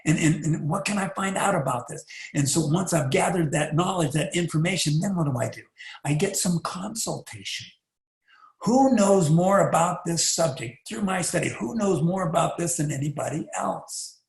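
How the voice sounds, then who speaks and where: A man giving a motivational talk, animated and rhetorical, often asking the listener questions. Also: on the high side, moderate pace, gravelly. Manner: animated, rhetorical, acts out little voices. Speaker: motivational speaker. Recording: echoey room.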